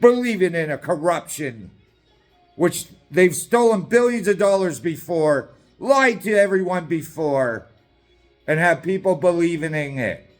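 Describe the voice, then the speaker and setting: A man's voice: a little high, expressive, a little slow, soft background music. A middle-aged man from Canada, ranting in an angry, combative and sarcastic way as a political activist, swearing often.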